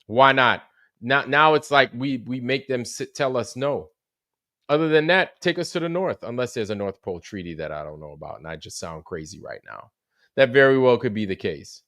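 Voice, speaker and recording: A man's voice: medium pitch, lively intonation, normal speed, fairly bright tone, no echo, studio quality. A man hosting a livestream, chatting casually about a show that just ended. He swears freely, laughs often and greets viewers by name. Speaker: livestream host. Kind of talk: casual livestream recap chat.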